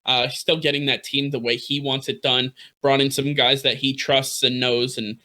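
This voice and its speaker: Guy cohosting a sports podcast, bright voice, rambly with lots of uhs. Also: mid-range voice, level tone, normal speed. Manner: rambling, laughing, many fillers and restarts. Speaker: podcast co-host. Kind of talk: casual sports talk.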